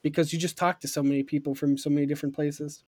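Young guy hosting a podcast, kinda high voice, rambly and excited, super dry close mic. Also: fast talker, dry recording. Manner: rambling, enthusiastic, lots of fillers and laughs. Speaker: podcast host. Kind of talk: casual chat.

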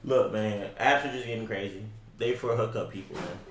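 A man's voice: lowish voice, brisk, reverberant, a little hiss or hum. A man co-hosting a podcast in casual reaction chat, laid-back and slangy, swearing often. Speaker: podcast co-host.

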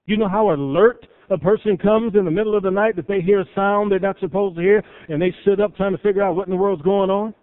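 A man's voice: high voice, fairly even intonation, fast talker, few pauses, no room sound. A man preaching a sermon as pastor, building emphasis through stories and scripture. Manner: preaching with rising emphasis and illustrations. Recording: tinny phone-like radio broadcast.

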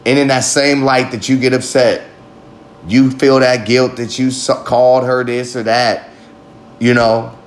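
A man's voice: mid-range voice, flat delivery, measured pace, a little hiss or hum. A man hosting a podcast, talking in a rambling, profane, emphatic monologue. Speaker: podcast host. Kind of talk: casual monologue.

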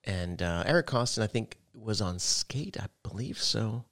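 A man's voice: lowish voice, animated, normal speed, a bit bright, no room sound, studio quality. A man co-hosting a casual gaming podcast, rambling and loose with lots of fillers. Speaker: podcast co-host.

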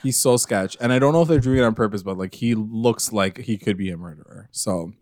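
A young man co-hosting a casual recap podcast, talking fast and loosely, swearing and acting out characters' lines. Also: lowish voice, a little mellow, dry recording, clean studio sound. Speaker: podcast co-host.

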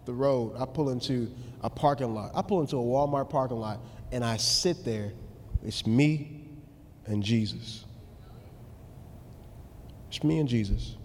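A man preaching a livestreamed sermon in an animated, conversational way that at times drops into soft, pleading prayer. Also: fairly high pitch, big-room sound. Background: loud worship music.

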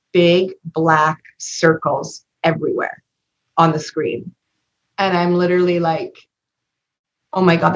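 A woman with a lowish voice tells a personal story on a podcast in a loose, chatty way. She brings it to life and slips into the voices of the people she quotes. The recording sounds dull and lo-fi. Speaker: podcast co-host. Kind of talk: casual storytelling chat.

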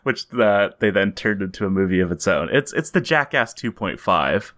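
Canadian guy cohosting a podcast, lowish voice, dry jokes, laughs a lot. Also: animated, normal speed, fairly bright tone. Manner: dry, joking, laughs often. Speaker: podcast co-host. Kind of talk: casual podcast banter.

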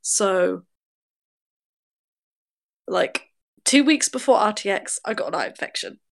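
English girl with a blocked-up nose, bit of vocal fry, chatty and giggly on a podcast. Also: mid-range voice, lively intonation, takes it slowly. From England. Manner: chatty, laughs often, self-deprecating. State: congested, nasal from a cold. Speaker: podcast guest. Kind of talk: casual chat.

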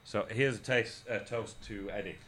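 A male radio host tells a loose, rambling story full of restarts and swearing. His voice sits at a middling pitch with a bright, forceful tone. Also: steady tone, moderate pace, slight background noise. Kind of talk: casual anecdote on air.

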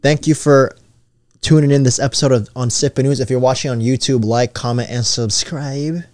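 A man's voice: mid-range voice, fairly even intonation, normal speed, a little mellow, dry recording, clean studio sound. A young man co-hosting a podcast, joking around in easygoing slang. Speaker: podcast co-host. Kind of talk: casual podcast chat.

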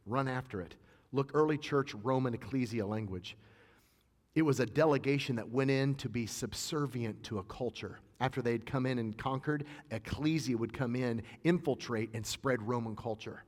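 A man's voice: medium pitch, normal speed. A male pastor preaching a sermon in a conversational, emphatic way, mixing teaching with personal stories. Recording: long reverb of a large hall.

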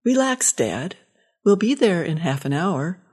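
Calm patient lady soothing her old father-in-law, lowish voice, read out by a woman. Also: unhurried, breathy edge, exaggerated voice. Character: patient grown woman driving, gently humoring. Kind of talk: storybook reading.

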